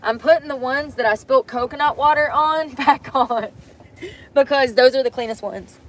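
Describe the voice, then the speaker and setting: A young woman, chatting casually to camera from inside a vehicle, often dropping to soft mutters. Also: high-pitched, moderate pace, slight background noise. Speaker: vlogger. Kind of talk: casual vlog talk to camera. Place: inside a vehicle bed at night.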